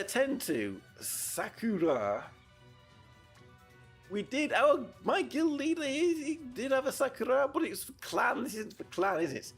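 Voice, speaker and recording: High and lively with vocal fry and a breathy edge, this man from the United Kingdom streams as a VTuber. His casual gameplay commentary rambles chattily, with frequent restarts.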